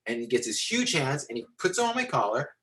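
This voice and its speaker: A man teaching storytelling to visual artists, animated and rambling with many fillers and restarts, talking into a computer on a video call. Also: mid-range voice, a little fast, rough recording. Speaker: storytelling instructor. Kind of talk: lecture with acted-out anecdote.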